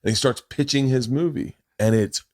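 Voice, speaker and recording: A man's voice: mid-range voice, moderate pace, no room sound, clean studio sound. A man telling a rambling, profane anecdote as a podcast guest, full of restarts. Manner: rambling, profane, restarts a lot and breaks into laughter. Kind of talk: casual storytelling. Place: podcast studio.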